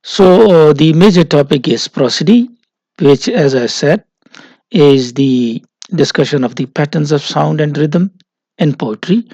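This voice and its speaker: Slow, gravelly male lecturer. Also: on the high side, lively intonation, warm tone, no echo, rough recording. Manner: slow, methodical, frequent "uh" pauses. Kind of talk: recorded university lecture.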